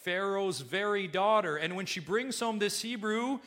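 Male pastor, higher-pitched, sharp bright voice; emphatic, repeats lines, goes from hushed to loud. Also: normal speed. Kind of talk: sermon.

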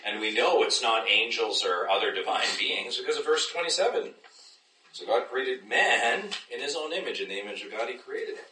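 A man's voice: mid-range voice, expressive, moderate pace, pushed and bright. A man teaching a Bible class, engaging his listeners and often checking that they follow. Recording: echoey room, distant mic, faint noise.

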